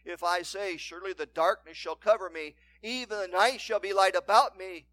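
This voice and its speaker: High-pitched guy preaching, dry close sound, gets loud then goes real quiet, reads old bible verses. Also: steady tone, normal speed, no echo. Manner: emphatic preaching, swinging from loud declarations to hushed asides; reads scripture in King James wording. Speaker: pastor. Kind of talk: sermon.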